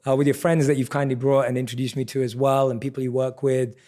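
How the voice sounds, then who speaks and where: A man hosting a podcast, talking in a warm, reflective, gently joking way. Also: mid-range voice, flat delivery, quick pace. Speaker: podcast host. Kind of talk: interview conversation.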